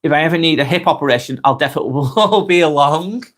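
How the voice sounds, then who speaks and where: A man in his forties with a Northwest English accent, getting over a cold, reading out viewers' comments and chatting back in a relaxed, friendly way. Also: on the high side, quick pace. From Northwest England. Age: 40s. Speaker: live stream host reading comments. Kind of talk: casual live chat.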